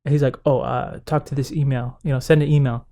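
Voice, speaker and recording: This young man, a podcast co-host, talks fast in a mid-range voice while recounting a story in casual conversation. He's animated, acts out quotes from others, and laughs a lot.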